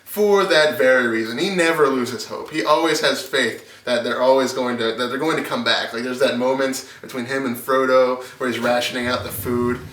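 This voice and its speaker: A man's voice: mid-range voice, fairly even intonation, normal speed, hardly any pauses, fairly bright tone, slight background noise, rough recording. A young man hosting, chatting and joking as he interviews fans at a movie premiere. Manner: joking, upbeat questioning. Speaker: host doing premiere interviews. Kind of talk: casual chat and interviews.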